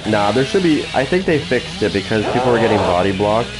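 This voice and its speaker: A man's voice: on the low side, big pitch swings, a little fast, over music, rough recording. Foul-mouthed man trash-talking over gameplay. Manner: trash-talking, taunting, swearing constantly. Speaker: gaming channel host. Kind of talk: profane gameplay commentary. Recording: loud game sounds behind.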